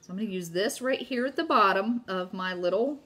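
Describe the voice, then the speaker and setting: A middle-aged woman hosts a relaxed live crafting demo from home, chatting with her viewers and gushing as she works. Her mid-range voice is a bit bright, and she talks a little fast.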